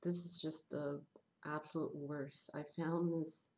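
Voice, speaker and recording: A woman teaching English in an online class, explaining slowly and rephrasing her points. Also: low-pitched, flat delivery, a little mellow.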